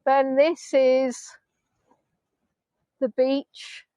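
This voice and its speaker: Chatty southern english lady doing a live beach tour on her phone, high voice, dry sound. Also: little pitch movement, extremely slow, dark tone, smooth, dry recording, rough recording. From England (Hampshire). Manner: chatty, affectionate, answering viewers' comments. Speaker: virtual tour guide. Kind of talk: live-streamed outdoor tour chat. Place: outdoors on a beach at dusk.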